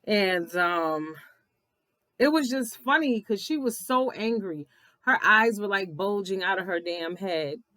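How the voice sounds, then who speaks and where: A woman giving a blunt, profane, animated recap of a reality TV episode, laughing often as she talks. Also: medium pitch, measured pace, no echo. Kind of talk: casual episode recap commentary.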